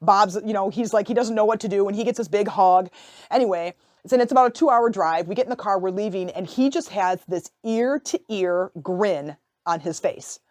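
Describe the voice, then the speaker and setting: A woman hosting a podcast, telling a personal story in a lively, expressive, conversational way, with sudden excited rises in her voice. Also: medium pitch, moderate pace, no room sound, studio quality. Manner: conversational with fillers and restarts. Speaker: podcast host and life coach.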